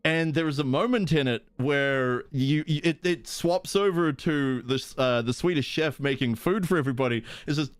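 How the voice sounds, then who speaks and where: A man's voice: a little high, normal speed, few pauses, smooth, no room sound. A man streaming live, chatting casually and playfully, giggling and goofing around with silly pronunciations. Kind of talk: casual livestream chat.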